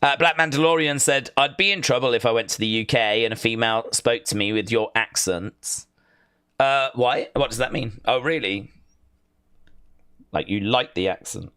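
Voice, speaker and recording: A man's voice: mid-range voice, moderate pace, fairly bright tone, clear, resonant tone, dry recording, clean studio sound. An English man hosting a casual watch-along live stream, rambling as he reads viewer comments aloud and reacts to them.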